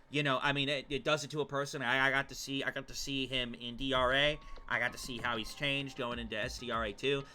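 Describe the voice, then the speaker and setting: A male streamer giving excitable let's play commentary, swearing and stammering as he reacts. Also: mid-range voice.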